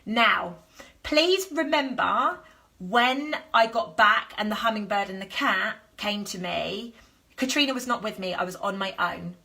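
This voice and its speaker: A woman who works as a health coach, telling a personal story on a live stream in an animated, earnest way and acting out the dialogue. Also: mid-range voice, unhurried, vocal fry. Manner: animated, earnest, acts out dialogue in her stories. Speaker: health coach and business founder.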